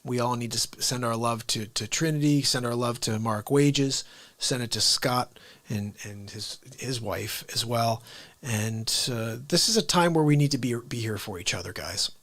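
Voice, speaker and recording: A man hosting an unscripted live comedy stream, talking in an excitable, rambling way and often cutting himself off mid-sentence. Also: medium pitch, normal speed, no room sound. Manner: excitable, rambling, self-interrupting. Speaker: livestream comedy host.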